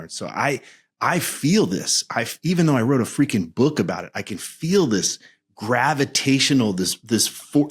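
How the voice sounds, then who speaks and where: Man, 50s, low voice; reflective, earnest podcast guest. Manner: earnest, searching, restarts phrases. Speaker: guest men's coach.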